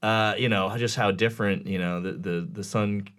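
A man's voice: lowish voice, steady tone, moderate pace, fairly bright tone, smooth. A man hosting a podcast, talking casually in a rambling, sardonic way with lots of fillers. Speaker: podcast host. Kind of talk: casual chat.

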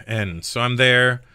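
A man's voice: medium pitch, vocal fry, bright, forceful tone, no room sound, studio quality. A man being interviewed as a guest, telling stories in a laid-back way and laughing often. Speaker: guest comedian and actor. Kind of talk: relaxed interview chat.

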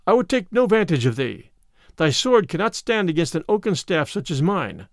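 A man's voice: high-pitched, big pitch swings, normal speed, dry recording, studio quality. A man voicing a bold outlaw who speaks with mock courtesy and turns stern.

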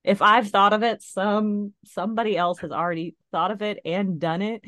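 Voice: mid-range voice, steady tone, normal speed, sharp tone, no echo, studio quality. A podcast co-host chatting casually about game lore with playful, joking banter. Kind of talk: casual chat.

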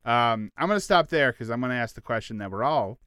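A man's voice: fast, clean tone, no echo, clean studio sound. A man co-hosting a podcast, chatting in a playful, jokey way. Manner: playful, jokey, lively pitch swings. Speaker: podcast co-host. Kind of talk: casual comedic chat.

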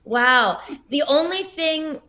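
A woman's voice: high-pitched, animated, slow pace, pushed and bright. A woman co-hosting a podcast, chatting casually in rambling sentences full of "like" and giggles. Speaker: podcast co-host. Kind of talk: casual chat.

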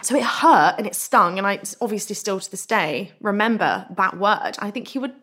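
A young woman, a guest in a casual interview, telling stories frankly, animated and swearing freely. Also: mid-range voice, moderate pace, a little hiss or hum. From England.

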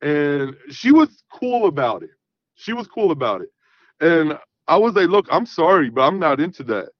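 A man's voice: a little high, very animated, moderate pace, no room sound, muffled recording. Man in his thirties telling a rambling story. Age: 30s. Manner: rambling, repeats "you know what I mean". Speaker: guest. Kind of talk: casual storytelling.

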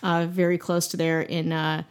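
A woman's voice: lowish voice, little pitch movement, normal speed, clean tone. A woman from Wisconsin hosting a podcast, telling a spooky story in a casual way with playful, jokey asides. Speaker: podcast host.

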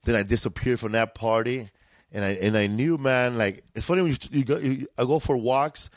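Slangy, profane LA comedian. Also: male voice, medium pitch, brisk, no echo. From East Los Angeles. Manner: profane, laid-back, drawling street slang. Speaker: guest comedian. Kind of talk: casual storytelling.

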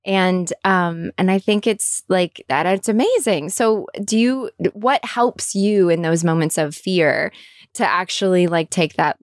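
A woman's voice: fairly low pitch, a little slow, no room sound, studio quality. A woman hosting a podcast, chatty and enthusiastic, affirming her guest as she talks. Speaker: podcast host. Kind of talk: casual interview chat.

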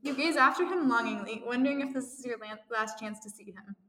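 A giggly young woman co-hosting a casual chat show and reading her fan fiction aloud at a quick clip. Her voice sits a little high. The room is echoey, and a long reverb trails her words. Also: sharp tone. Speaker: podcast co-host.

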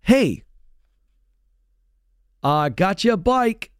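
A man voicing a cheerful but dismissive father who keeps putting things off, in a raised, bright tone. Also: high-pitched, sing-song, drawn-out words, smooth, dry recording, studio quality, voice pushed up, heavily acted. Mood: breezy. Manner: breezy, dismissive. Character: busy, brushing-off cheerful dad.

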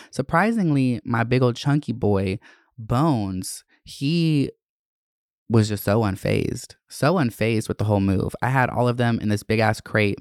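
A man in his twenties rambles through a frank personal vlog, cursing freely as he talks. His voice is smooth and clear, recorded dry and close. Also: mid-range voice, dry recording. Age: 20s. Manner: candid, profane, rambling. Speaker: vlogger.

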